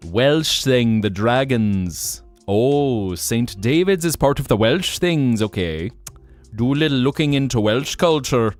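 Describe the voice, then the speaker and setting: A man's voice: medium pitch, expressive, takes it slowly, no room sound, faint music behind. A man streaming as a VTuber, chatting casually with his live chat in a playful, teasing way with joking mock denials.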